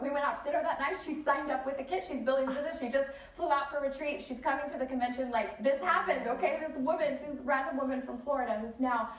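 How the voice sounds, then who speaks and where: A woman speaker giving a lively motivational talk at a conference, telling stories with many chatty asides. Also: sits high, fast, few pauses. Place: large conference hall. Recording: echoey hall, distant mic, faint noise.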